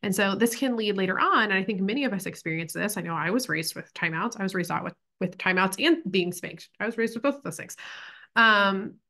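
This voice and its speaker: A bright, clear-toned woman in her thirties gives a relaxed parenting lesson. She talks in a loose, chatty way, sprinkling in "like" and "right?", and now and then slips into a small voice to act out a child's thoughts. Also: mid-range voice, brisk. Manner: chatty, many "like" and "right?" tags. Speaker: parent educator. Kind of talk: casual online parenting class.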